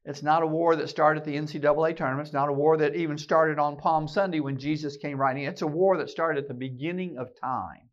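A man delivers a fiery keynote sermon to an audience in a meeting room, pressing every point with emphasis. His voice sits a bit high, and he often restarts his words. The recording sounds muffled and lo-fi. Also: steady tone, quick pace, few pauses. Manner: emphatic, rallying, with many repeated word restarts. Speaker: keynote speaker and podcast host.

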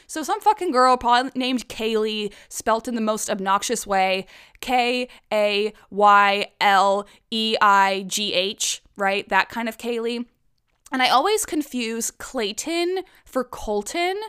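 A woman's voice: a little high, expressive, takes it slowly, fairly bright tone, clear, resonant tone. Profane, ranting woman podcaster. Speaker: podcast host. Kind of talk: casual solo podcast rant.

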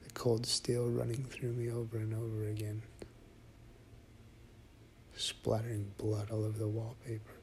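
A low, gravelly male voice narrates a dark first-person tale, slow and hushed, sliding into whispers. His delivery stays flat and even. A faint hiss of noise sits behind him.

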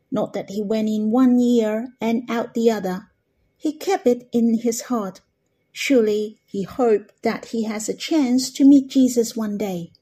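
A woman giving an earnest, gentle devotional Bible reflection, leaning on key words for emphasis. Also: a little high, husky. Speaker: devotional speaker.

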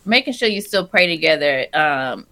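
Bright-voiced chatty woman. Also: low voice, expressive, moderate pace. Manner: chatty, playful, laughs often. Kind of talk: casual podcast conversation.

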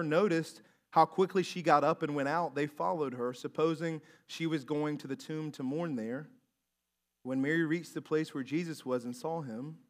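A male pastor delivers a sermon in a high voice. He reads scripture in a hushed tone, then swells into loud, impassioned preaching. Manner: reads scripture aloud between comments.

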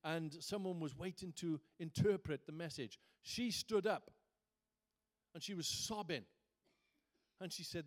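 Speaking a little slowly and pausing often, a high-voiced pastor addresses his congregation in a conversational tone. His sermon gradually rises into fervent, emphatic preaching from the pulpit.

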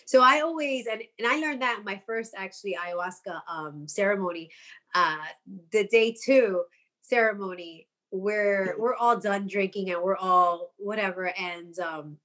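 A woman guest on a podcast, telling stories in casual chat, animated and laughing often. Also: medium pitch, a little slow.

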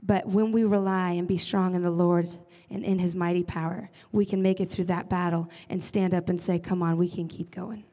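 A woman's voice: fairly low pitch, steady tone, moderate pace, few pauses, mellow. A young woman giving an earnest, conversational sermon as a church leader, often adding casual fillers. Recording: long reverb of a large hall.

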